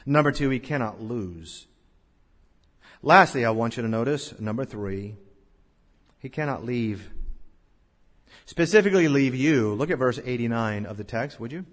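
A male pastor preaching a sermon, swelling to loud, drawn-out scripture recitations and dropping to hushed lows. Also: expressive. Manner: slow, drawn-out recitation of King James verses. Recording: long church-hall reverb.

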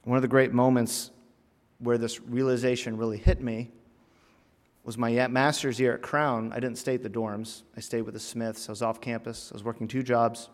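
Animated preacher in an echoing hall. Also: male voice, mid-range voice, normal speed. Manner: animated, with sudden loud emphatic bursts and quiet drops. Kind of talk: sermon with humorous personal story. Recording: long hall reverb.

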